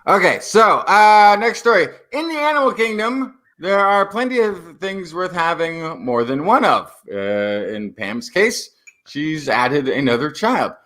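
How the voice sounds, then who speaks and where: A man co-hosts a science podcast, tossing out jokes and fillers as he sets up the next story. His voice sits fairly high and swings a lot. His tone is bright and forward. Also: measured pace. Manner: animated, jokey, many fillers. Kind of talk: casual science podcast talk.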